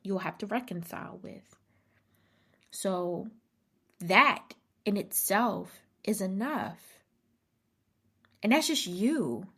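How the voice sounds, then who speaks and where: A woman with a mid-range, gravelly, slightly rough but fairly bright voice hosts her own podcast as a casual motivational monologue. She's emphatic, repeats key phrases, and sometimes drops to a near-whisper.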